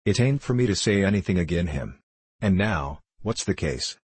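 A man voicing a grave, earnest, stout male miner who speaks in rough backwoods dialect. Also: sits low, lively intonation, normal speed, a little mellow, no echo.

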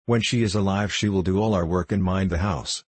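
A stern old magician from a storybook, read by a man, lecturing in a matter-of-fact way. The voice is deep and husky, recorded dry and close. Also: steady tone, a little fast, no room sound.

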